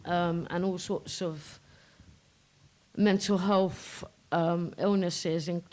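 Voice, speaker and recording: A guest artist talking on a live podcast in a pub, impassioned and swearing, with many pauses. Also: mid-range voice, fairly even intonation, a little mellow, low-quality recording. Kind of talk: casual live chat. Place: pub room before a live audience.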